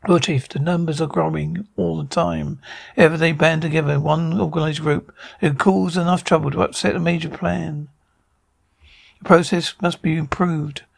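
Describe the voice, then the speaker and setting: A man voicing a stern male alien war chief who gives curt orders in a gravelly voice. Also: on the high side, steady tone, normal speed. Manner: curt, demanding.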